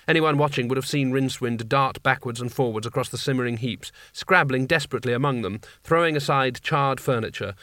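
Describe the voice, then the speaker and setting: A man doing scripted audiobook narration in a measured, wry storytelling manner. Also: medium pitch, fairly bright tone, no room sound, clean studio sound.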